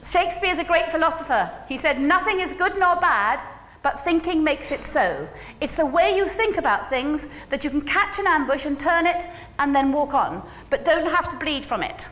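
A woman giving a conference keynote, animated and humorous, coaxing the audience to join in. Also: sits high, normal speed, hardly any pauses. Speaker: keynote speaker. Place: large conference hall. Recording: echoey hall, faint ambience.

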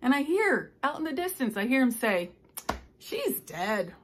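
An older woman, a stitching vlogger, chatting casually and telling rambling stories with soft asides. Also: high voice, very animated, brisk, slight background noise. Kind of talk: casual chat.

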